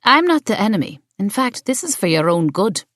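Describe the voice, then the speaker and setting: A woman voicing a cool, pushy landlady who presses a deal in a brisk, businesslike way, in an audiobook. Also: mid-range voice, sing-song, fairly bright tone, dry recording, studio quality, voice pushed up.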